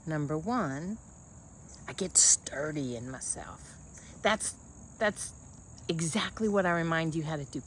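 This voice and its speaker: Animated, blunt woman with a low voice. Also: a little slow, long pauses, slight background noise. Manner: animated, blunt and folksy, calls listener honey. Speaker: coach. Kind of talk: casual motivational monologue.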